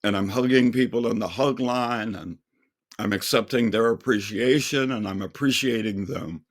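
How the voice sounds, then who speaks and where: Older male singer, slow earnest testimony, low gravelly voice. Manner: slow, earnest storytelling with quoted dialogue. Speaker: singer and speaker. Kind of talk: testimony storytelling.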